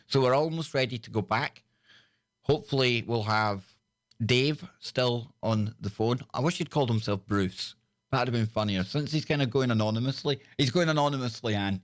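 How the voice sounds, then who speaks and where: A man hosting a live talk show, chatting enthusiastically and often repeating himself. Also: on the low side. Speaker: talk radio host.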